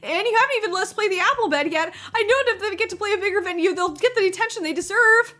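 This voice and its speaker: A woman voicing a worried young punk woman from a band, talking in a high, fretful, hurried way. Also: expressive, bright, forceful tone, heavily acted.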